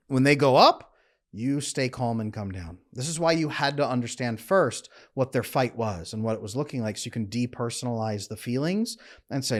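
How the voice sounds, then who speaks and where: Man giving earnest coaching advice. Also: mid-range voice. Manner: earnest, emphatic, slows down to demonstrate calm. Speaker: relationship coach. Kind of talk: instructional coaching monologue.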